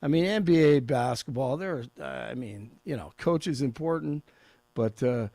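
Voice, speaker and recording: A man's voice: mid-range voice, lively intonation, moderate pace, creaky, warm tone, no echo. A man on talk radio reading a sports update and joking with the hosts, laughing often. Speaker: sports and news update anchor. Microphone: studio microphone.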